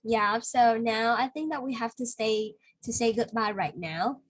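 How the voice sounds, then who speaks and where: Slow, husky woman teaching vocabulary. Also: fairly high pitch, dry recording, low-quality recording. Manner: patient explaining with many fillers. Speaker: English teacher. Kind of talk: one-on-one vocabulary lesson.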